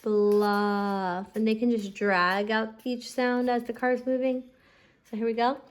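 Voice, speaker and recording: A woman's voice: fairly high pitch, level tone. Patient mother teaching phonics aloud. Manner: patient, drawing out letter sounds slowly. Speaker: homeschooling parent teaching phonics. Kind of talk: instructional explanation to camera.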